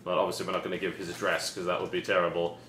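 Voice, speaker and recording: A British man hosting a casual unboxing chat with dry, deadpan sarcastic humor. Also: low voice, very fast. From Britain. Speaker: host. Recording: roomy echo with faint noise.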